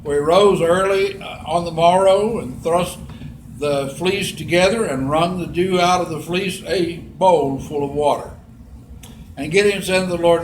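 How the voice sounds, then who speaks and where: A man preaching in a church sanctuary with a fairly high voice, folksy and chatty, reading scripture and then explaining it in plain words. The room has a noticeable echo, and a faint hum of ambience stays under his voice. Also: unhurried. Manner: folksy, reads scripture aloud and adds plain commentary. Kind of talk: sermon, Bible lesson.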